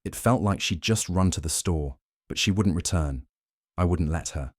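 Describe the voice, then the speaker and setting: Male narrator, very low voice, dry sound, cold and measured first-person story. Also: no echo.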